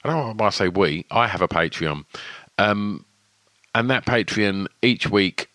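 A man with a lisp, hosting a podcast with a low but bright, forward voice. He talks in a rambling, self-deprecating way. The sound is dry and close. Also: a little slow, no room sound. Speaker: podcast host. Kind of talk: casual podcast intro. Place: home shed.

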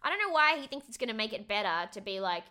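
A woman's voice: mid-range voice, expressive, quick pace, pushed and bright. A woman, co-hosting a casual podcast chat, swearing freely and acting out quotes. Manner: chatty, swears freely, acts out quotes with laughs. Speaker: podcast co-host.

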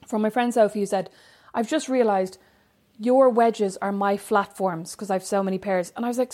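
A woman's voice: medium pitch, steady tone, normal speed, darkish tone. A middle-aged woman co-hosting a casual chat, chatty and playfully indignant. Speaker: podcast co-host.

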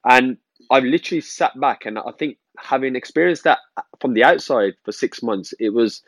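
A man hosting a podcast interview, talking in a relaxed, conversational way with loose restarts. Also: mid-range voice, moderate pace, no room sound. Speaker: podcast host. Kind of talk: casual interview chat.

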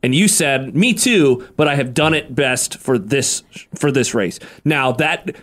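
A man's voice: mid-range voice, animated, measured pace, a bit bright. A man hosting a running podcast, asking questions in a chatty, self-deprecating way. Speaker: podcast host. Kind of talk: casual interview chat.

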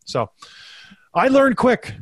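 A man's voice: very high-pitched, takes it slowly, no echo. A man in his thirties, a former hockey player co-hosting a talk show, telling stories casually and acting out quotes in a raised voice. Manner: animated, acts out quotes in a raised voice. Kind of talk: casual storytelling chat.

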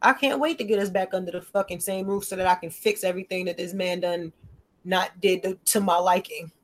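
A woman's voice: fairly low pitch, a little fast. A woman in casual conversation about her children, telling stories in a slangy, profane way and acting out both sides of the dialogue. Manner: animated storytelling, acting out dialogue in shifting voices. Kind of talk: casual podcast chat.

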